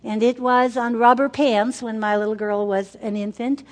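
An older woman, a women's ministry speaker, gives a teaching talk to a group of mothers, speaking emphatically, repeating words for effect and asking the audience questions. Her voice is a little high and steady, at a normal speed, with long hall reverb on the recording.

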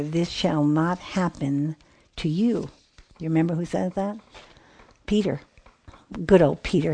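Warm, gravelly woman giving a devotional talk. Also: on the low side. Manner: earnest, reflective, conversational with many restarts. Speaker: Christian radio host. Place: studio.

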